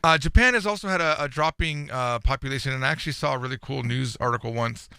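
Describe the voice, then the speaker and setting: A man's voice: medium pitch, quick pace, creaky, sharp tone, slight background noise. A man co-hosting a casual podcast who jokes and laughs a lot and reads news stories aloud. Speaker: podcast co-host. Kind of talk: casual chat.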